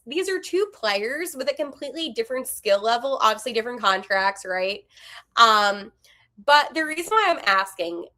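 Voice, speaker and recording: A woman in her twenties hosting a hockey podcast, giving candid, animated opinions with quick asides. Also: high-pitched. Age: 20s. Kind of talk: casual opinionated commentary.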